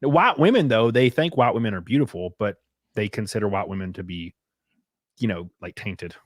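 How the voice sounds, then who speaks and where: Brash low-voiced joking man. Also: moderate pace, noisy background. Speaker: podcast host. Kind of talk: crude casual chat.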